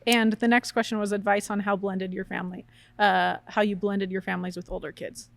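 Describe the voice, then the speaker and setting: A woman in her thirties, a podcast guest, chatting in an animated way and acting out quoted voices. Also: mid-range voice, brisk, creaky. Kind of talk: casual chat.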